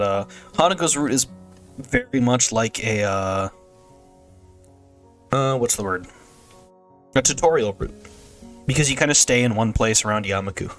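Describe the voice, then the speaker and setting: A man's voice: fairly low pitch, a bit bright. A young man chatting casually on a game stream, rambling and joking with frequent laughter. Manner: rambling, jokey, laughs often. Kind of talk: casual gameplay stream chat.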